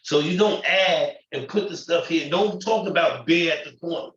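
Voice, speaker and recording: A man's voice: fairly high pitch, moderate pace, fairly bright tone. A man living at a shelter speaks out at a community meeting, upset and close to tears, pleading emotionally. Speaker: shelter resident speaking at public comment. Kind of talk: impassioned public comment. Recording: muffled echoey room audio from far off.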